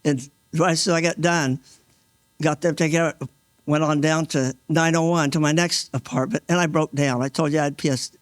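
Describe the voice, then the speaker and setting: A mail carrier in his sixties recounting a rescue at an awards event in an earnest, halting way, restarting often and acting out what people said. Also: on the high side, fairly even intonation, dry recording. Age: 60s. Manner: earnest, halting, with many restarts and re-enacted quotes. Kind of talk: emotional first-person storytelling. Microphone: stage microphone.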